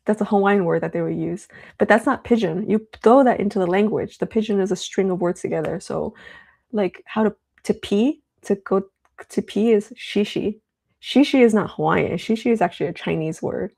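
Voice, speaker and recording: Chatty woman with a gravelly, mellow voice. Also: medium pitch. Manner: chatty, rambling, with many fillers. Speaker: livestream host. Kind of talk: casual live-stream tech demo.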